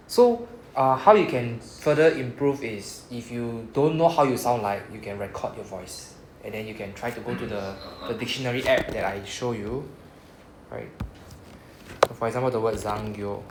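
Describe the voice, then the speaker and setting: A man's voice: medium pitch, normal speed, echoey room, noisy background. A man with a Singaporean English accent teaching a Japanese class in a chatty, casual way, drawing out sounds as he models words.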